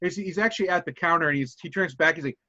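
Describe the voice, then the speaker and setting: A man's voice: a little high, rapid-fire, pushed and bright, dry recording, muffled recording. A man running a tabletop role-playing game, narrating in a rambling way that keeps correcting itself. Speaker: game master.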